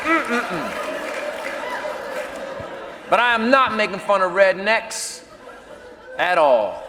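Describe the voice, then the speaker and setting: A man doing a loud, animated stand-up comedy set on stage before a live audience, bursting into shouted punchlines. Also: high voice, unhurried. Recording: live hall recording with crowd noise.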